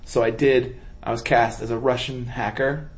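A man chatting casually, an actor telling an animated story with laughter. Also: mid-range voice, normal speed. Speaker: comedian and indie film actor.

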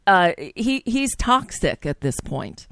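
A woman's voice: medium pitch, very animated, slow, a bit bright. A woman hosting a casual political chat, blunt and emphatic, often repeating words as she starts a sentence. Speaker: host.

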